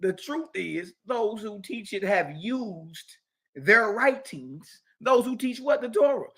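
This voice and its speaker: A man's voice: sits high, animated, takes it slowly, a bit bright, husky. A man teaching scripture in a heated lecture, mocking and confrontational, with slangy asides and repeated key phrases. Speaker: religious teacher.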